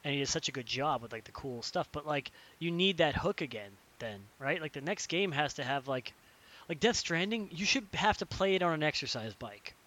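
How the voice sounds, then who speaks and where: In a casual podcast chat, a young man rants animatedly and swears, acting out characters in quick impressions. His voice sits on the high side, expressive, pushed, and bright.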